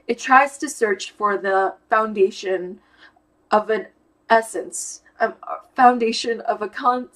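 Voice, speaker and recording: A woman's voice: mid-range voice, takes it slowly, a bit bright, low-quality recording. A young woman talking casually to camera, thinking aloud and searching for words as she explains how her mind works. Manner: thoughtful, searching for words with fillers and restarts. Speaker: YouTuber explaining personality type.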